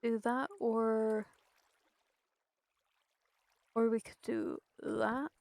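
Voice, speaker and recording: A woman's voice: a little high, steady tone, very slow, gravelly, darkish tone, dry recording. A young woman streaming a building game, thinking aloud in a hesitant way and chatting to her viewers. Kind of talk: casual commentary while playing a building game.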